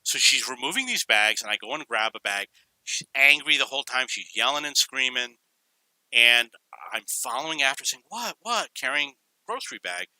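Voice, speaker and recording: A man's voice: mid-range voice, expressive, moderate pace, pushed and bright, dry recording, low-quality recording. A middle-aged man from New York casually telling rambling personal stories, drifting off on tangents. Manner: rambling, digressive, anecdotal. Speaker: storyteller.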